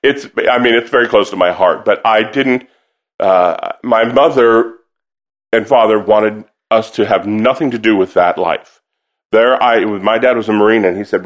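A fairly low-voiced man from the American South talks casually as an interview guest. He tells his stories in a rambling, chatty way with frequent restarts, the way an opera singer talks offstage. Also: normal speed. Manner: chatty, laughing storyteller with many restarts.

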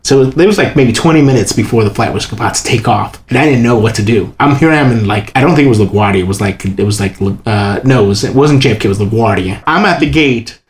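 A man telling a long personal story in casual chat, acting out the people he quotes by jumping to a much higher voice. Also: quick pace, hardly any pauses. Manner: animated, acts out quoted voices in a high pitch. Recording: echoey room with faint ambience.

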